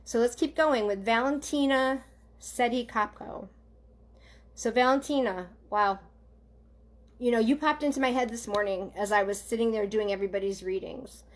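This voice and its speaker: A fairly high-pitched woman works as a psychic medium, giving an online reading live to viewers. She talks gently with frequent pauses, leaning heavily on um and okay.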